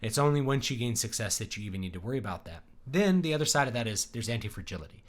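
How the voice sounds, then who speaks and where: A man's voice: mid-range voice, very animated, racing. A man hosting a casual livestream, talking in a rambling conversational way with many fillers and restarts, reading viewer messages. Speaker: livestream host.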